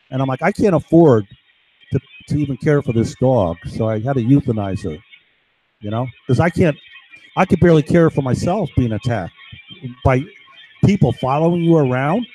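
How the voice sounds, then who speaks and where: A man's voice: fairly high pitch, dark tone, slightly rough, low-quality recording. A man telling a long, agitated story on a live stream, swearing often and tagging his sentences with "right?". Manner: agitated, profane, keeps asking "right?". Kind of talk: rambling monologue.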